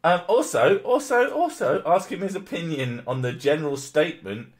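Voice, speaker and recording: A man's voice: a little high, expressive, moderate pace. A man who streams, reading an article aloud in casual chat, swearing and mocking it with frequent laughs.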